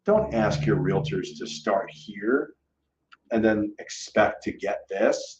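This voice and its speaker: A man, a real estate broker, giving an emphatic, animated rant to camera and acting out his clients' thoughts. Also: lowish voice, slow pace, roomy sound, highs cut off, slight background noise. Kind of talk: casual ranting monologue to camera.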